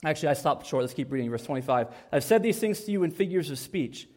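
A man in his thirties preaching a sermon, reading scripture and telling stories with lively acted-out voices. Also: a little high, fast talker, in a large hall. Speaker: pastor.

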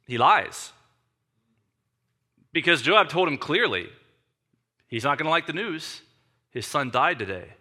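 A man's voice: on the high side, big pitch swings, measured pace, long pauses, sharp tone. A man preaching a sermon, telling the story with animation and acting out the scene. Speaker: pastor.

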